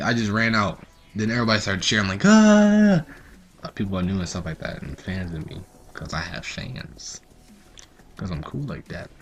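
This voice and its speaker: A teenage boy hosting his own gaming video, chatting casually and telling animated stories while he plays. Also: on the low side. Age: teens. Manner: rambling, animated storytelling. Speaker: gaming channel host. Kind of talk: casual gameplay commentary.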